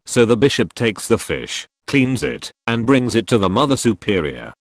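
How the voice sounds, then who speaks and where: A man narrating a compilation of jokes in an expressive storytelling manner. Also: medium pitch, normal speed, dry recording. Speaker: joke narrator. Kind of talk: scripted joke narration.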